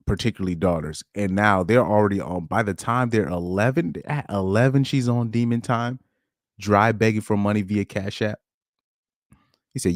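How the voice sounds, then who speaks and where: A man hosting a podcast, reacting to screenshots in a rambling, animated way, often laughing and jumping up in pitch when amazed. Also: dry recording, clean studio sound. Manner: rambling, with frequent restarts. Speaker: podcast host. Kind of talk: casual commentary reading screenshots.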